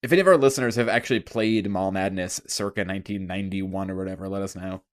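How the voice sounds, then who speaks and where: Male co-host, quick-fire sarcastic humor, medium pitch, rapid delivery. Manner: joking, quick, sarcastic asides. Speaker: podcast co-host. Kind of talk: casual chat.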